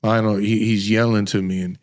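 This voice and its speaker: Rambling, animated male podcast host. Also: on the low side, a little fast. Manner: rambling, animated storytelling with many restarts. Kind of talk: casual conversation.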